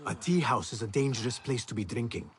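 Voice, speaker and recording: An actor playing a calm, stern assassin hero in a video game, measured in speech. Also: male voice, mid-range voice, noisy background, lightly acted. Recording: game audio with faint ambience.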